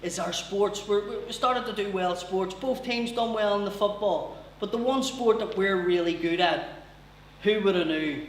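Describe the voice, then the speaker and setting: A man in his thirties with a Belfast accent doing a stand-up comedy set, chatty and quick with asides to the crowd. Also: high-pitched, slight background noise. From Belfast, Northern Ireland. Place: live comedy venue with audience. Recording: roomy live venue, distant mic, faint ambience.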